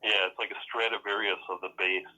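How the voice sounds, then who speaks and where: A very deep-voiced man with a bright, husky edge tells stories in a loose, rambling way, cursing constantly and breaking into laughs. It is relaxed casual podcast chat. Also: brisk, dull audio. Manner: rambling, profane, laughs often, acts out quotes. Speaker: podcast co-host.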